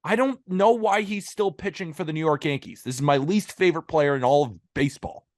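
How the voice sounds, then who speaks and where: A man's voice: fairly high pitch, brisk, no echo, clean studio sound. A man co-hosting a casual sports podcast, ranting in a heated, emphatic way that builds as he goes. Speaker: co-host.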